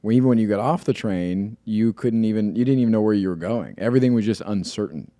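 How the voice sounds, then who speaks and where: A young podcast co-host speaking in a deep, relaxed voice, working his thoughts out aloud. The sound is dry and close, with no room echo. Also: fast talker. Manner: reacts with laughs and short interjections, then lays out his guesses thoughtfully. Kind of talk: casual chat.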